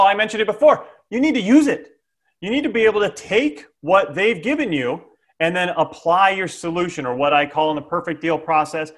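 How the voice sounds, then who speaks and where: Sales coach, male, slightly high pitch, animated and playful, frequent "okay?". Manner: lively, jokey, with frequent "okay?" check-ins. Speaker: sales trainer. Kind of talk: instructional sales talk.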